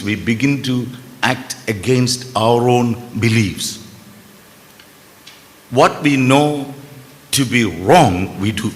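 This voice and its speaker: Male conference speaker, first language Malayalam, lowish voice, casual lecturing manner, long hall echo. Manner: conversational, with self-deprecating asides. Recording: reverberant hall with faint background noise.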